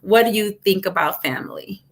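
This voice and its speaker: A woman hosting a livestream interview, talking in an encouraging, animated way. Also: mid-range voice, a little fast. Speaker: host.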